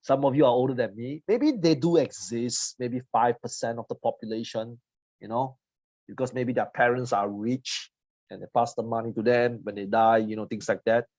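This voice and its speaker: A man in his forties giving a motivational seminar talk, blunt and teasing, swinging between loud jabs and quiet asides. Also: mid-range voice, normal speed, no echo. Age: 40s. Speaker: seminar trainer. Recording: dull lo-fi audio.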